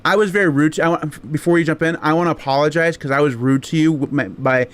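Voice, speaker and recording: A man's voice: a little high, fast. A man hosting a tech podcast, rambling in a jokey, self-deprecating way with filler words. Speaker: podcast host. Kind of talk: casual podcast chat.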